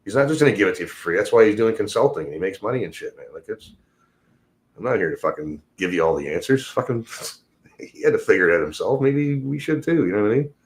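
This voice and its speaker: A man's voice: lowish voice, expressive, quick pace. A man hosting a casual livestream, rambling loosely and swearing constantly as he talks about his work as a tradesman. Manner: rambling and heavily profane. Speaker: livestream host.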